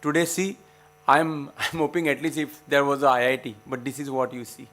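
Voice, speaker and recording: A man's voice: mid-range voice, level tone, fairly quick, fairly bright tone. A man giving an earnest, passionate science lecture to students. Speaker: guest lecturer. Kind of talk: public science talk to students.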